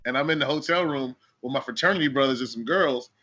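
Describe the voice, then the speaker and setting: Animated host, bright slightly high voice, swears and laughs, muffled lo-fi audio. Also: male voice, fast talker. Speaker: podcast co-host. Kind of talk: casual chat and storytelling. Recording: dull lo-fi audio.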